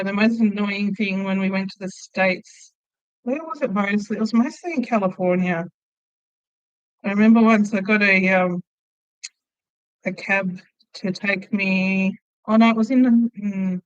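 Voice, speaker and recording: Australian woman, casual livestream host, mid pitch, slightly muffled dry recording. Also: no room sound. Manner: chatty, laughs often, tells stories. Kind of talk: casual live chat reading viewer comments.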